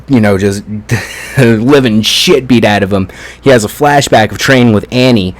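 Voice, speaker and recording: A man giving a casual spoken review of an anime episode, excitable and profane, retelling scenes with plenty of fillers. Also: on the low side.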